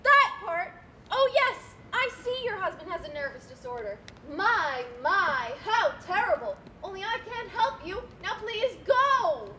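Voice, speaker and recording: A woman's voice: very high voice, expressive, normal speed, sharp tone, a little hiss or hum, exaggerated voice. A woman playing a harried, stiffly formal female bank manager in a live stage play, recorded on a school stage. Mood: frantic. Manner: stiff, formal, increasingly exasperated. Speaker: stage actor.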